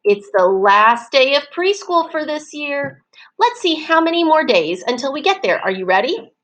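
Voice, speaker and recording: A woman teaching preschool children in an online circle time, slow and encouraging, stretching words out so the children can clap the syllables. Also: sits high, big pitch swings, a bit bright, low-quality recording.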